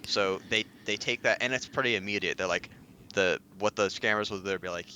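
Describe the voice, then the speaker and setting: Young guy guest on a podcast, low voice but bright, faint hum behind, says like a lot. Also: a little fast. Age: young adult. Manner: explains eagerly, many fillers like "like". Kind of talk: casual podcast chat.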